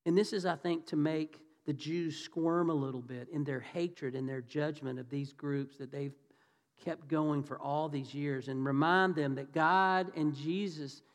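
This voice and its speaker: In an echoing church hall, a pastor with a slightly high voice and fairly even intonation speaks a little slowly. His sermon is conversational, posing questions to the congregation and voicing the characters in his story.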